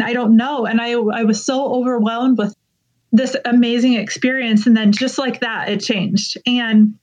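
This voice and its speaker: A woman's voice: fairly high pitch, fairly even intonation, darkish tone. Earnest woman telling a personal story. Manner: earnest, emotional retelling, quick bursts. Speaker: guest. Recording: dull lo-fi sound.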